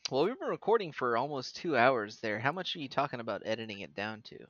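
A man co-hosting a casual podcast chat, trading quick quips and reading aloud flatly. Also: mid-range voice, no echo. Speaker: podcast co-host. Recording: dull lo-fi mic.

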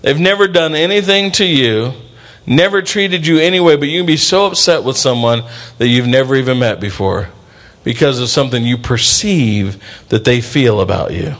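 A middle-aged male pastor preaching a sermon in an animated way, with playful asides and bits where he acts out voices. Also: medium pitch, moderate pace.

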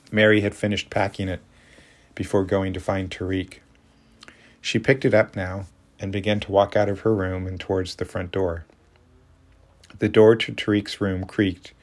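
A man reads a story aloud in a calm, even manner. His voice is deep and low. The narration is measured, in a steady audiobook style.

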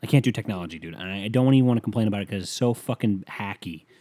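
Rapid-fire and on the low side, this young man's dark-toned voice carries a rambling, profane, exasperated rant full of swearing. He hosts a solo podcast from his bedroom while leaning on the mic. There's no echo.

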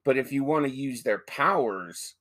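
This is a man co-hosting a casual podcast, swearing freely as he argues his point with animated energy. His voice sits at a middle pitch for a man. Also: moderate pace. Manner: profane, animated arguing. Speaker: podcast co-host.

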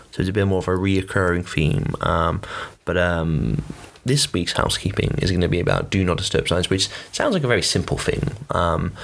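Lively gravelly man rambling. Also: low voice. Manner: rambling and chatty, full of fillers and blunt swearing. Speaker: podcast host. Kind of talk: casual solo podcast monologue.

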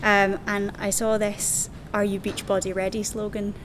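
A Scottish woman in her twenties, answering interview questions in a relaxed, matter-of-fact way. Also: normal speed. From Scotland. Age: 20s. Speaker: interview guest. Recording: noisy background rumble.

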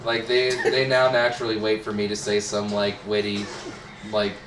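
A man's voice: lowish voice, level tone, moderate pace, far from the mic. A young man who works at a sub shop, chatting casually and sarcastically with lots of swearing. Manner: sarcastic, swearing, acts out coworkers in quotes. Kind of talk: casual podcast chat. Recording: echoey room, off-mic, faint noise.

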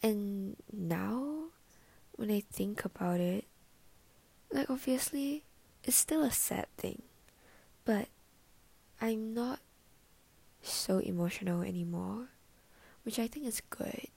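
A young woman musing in a soft, often half-whispered way, sharing personal reflections in a casual vlog. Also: medium pitch, lively intonation, takes it slowly, gravelly, long pauses, husky. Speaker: vlogger.

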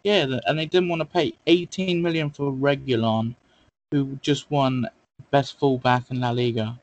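A man co-hosting a casual football podcast, teasing his partner with short, quick interjections. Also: medium pitch, fairly even intonation, lo-fi sound. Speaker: podcast co-host.

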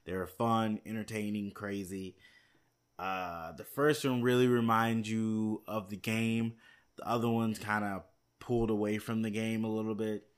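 Man, low-pitched voice, casual vlog chat, rambling, many fillers, a little tired. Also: little pitch movement, unhurried. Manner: rambling, thinks aloud with many fillers and restarts. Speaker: movie news vlogger.

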